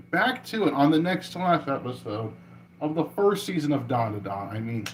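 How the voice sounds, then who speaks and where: A man's voice: a little high, slight background noise, low-quality recording. A man hosting an anime reaction livestream, talking casually and exclaiming often, with frequent restarts and mild slang.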